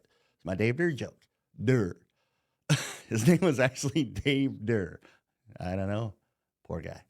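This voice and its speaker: A middle-aged American man ranting heatedly, mocking and swearing constantly. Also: on the high side. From United States. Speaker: vlogger. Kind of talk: profane political rant.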